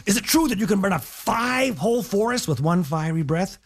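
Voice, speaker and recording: A man voicing a bold, clever young princess in a high, eager, insistent voice while telling a children's story. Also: animated, fairly quick. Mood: eager pleading.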